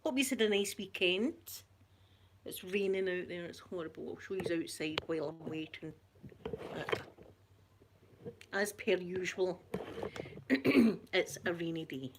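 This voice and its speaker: A woman's voice: fairly low pitch, measured pace, long pauses, noisy background. A Scottish woman chatting casually on a live stream, greeting viewers by name and telling a story with giggles. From Scotland. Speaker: vlogger.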